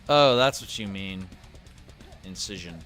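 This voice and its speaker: A man's voice: low voice, animated, a little slow, a bit bright, faint music behind. A man streaming a retro shooter, chatting casually with viewers and cursing freely as he plays. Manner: swears freely, talks to chat between kills. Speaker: gaming streamer. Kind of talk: casual gameplay commentary.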